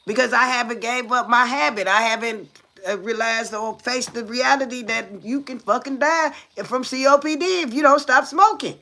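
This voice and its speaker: Gravelly, blunt woman livestreaming. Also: on the high side, moderate pace, sharp tone. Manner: blunt and profane, keeps asking viewers "you hear me?"; loose, rambling, with repeated fillers. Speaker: livestreamer talking to viewers. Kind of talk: casual confessional live chat.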